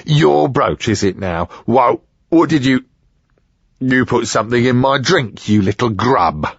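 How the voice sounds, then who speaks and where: A man's voice: medium pitch, animated, measured pace, breathy edge, no room sound, muffled recording, voice pushed up. A man voicing a bulky, quarrelsome crook who blusters and accuses. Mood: angry.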